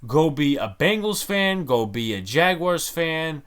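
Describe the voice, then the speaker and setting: A man's voice: fairly high pitch, very animated, a little slow, fairly bright tone. A man hosting a sports podcast, ranting in a heated, exasperated way. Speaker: podcast host.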